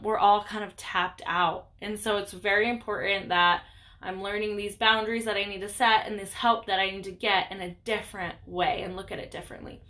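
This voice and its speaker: A woman's voice: mid-range voice, sharp tone. A young woman hosting a podcast, talking candidly and chattily about her own life in a rambling casual monologue. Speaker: podcast host.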